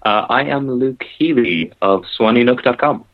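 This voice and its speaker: A man's voice: mid-range voice, lively intonation, moderate pace. A man co-hosting a casual podcast chat with wry, self-deprecating humor. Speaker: podcast co-host. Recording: tinny phone-like line.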